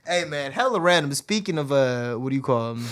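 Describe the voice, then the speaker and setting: A man's voice: mid-range voice, lively intonation, a little fast, a bit bright. A young man co-hosting a podcast in casual chat, laid-back, swearing often and laughing. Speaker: podcast co-host.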